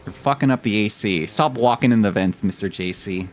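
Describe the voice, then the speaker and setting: A man's voice: on the low side, brisk. A male streamer giving chatty, jokey gaming commentary and swearing freely. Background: faint game music.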